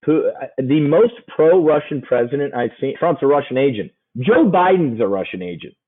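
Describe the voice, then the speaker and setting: A man's voice: mid-range voice, animated, moderate pace. A man coaching an options-trading webinar in a brash, joking, casual way. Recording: tinny phone-like audio.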